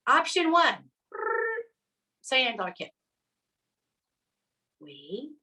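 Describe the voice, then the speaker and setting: Upbeat middle-aged lady coaching her sales team, bright slightly high voice, acts out customers. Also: expressive, moderate pace, low-quality recording. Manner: chatty and upbeat, with lots of "right?" and "okay?".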